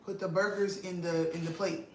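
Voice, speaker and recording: A woman vlog host, telling an animated, emphatic story to her viewers and repeating lines for effect, at home in her kitchen. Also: on the low side, normal speed. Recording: roomy echo with faint noise.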